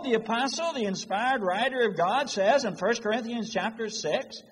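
Emphatic high-voiced preacher in a hall. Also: male voice, normal speed, few pauses, slightly rough. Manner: emphatic, quotes scripture in old-fashioned wording. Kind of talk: sermon. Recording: long reverb of a large hall.

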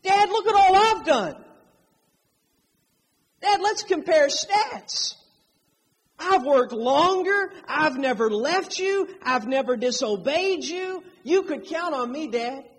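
A man's voice: extremely high pitch, lively intonation, slow, a bit bright, voice pushed up, full character voice. A man voicing a whining, resentful grown older son who complains to his father. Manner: whiny, complaining. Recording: long hall reverb.

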